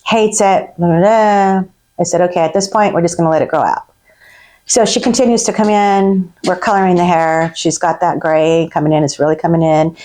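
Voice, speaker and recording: A woman's voice: fairly low pitch, a little mellow. A woman, a hairstylist, telling a story about a difficult client in a candid, exasperated way. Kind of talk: storytelling to camera.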